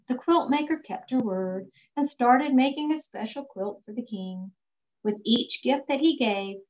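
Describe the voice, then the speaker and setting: Woman reading a kids story out loud, expressive, slows down for big moments, highish voice, dull lo-fi audio. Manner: expressive, slow and emphatic. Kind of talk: storybook read-aloud. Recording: dull lo-fi recording.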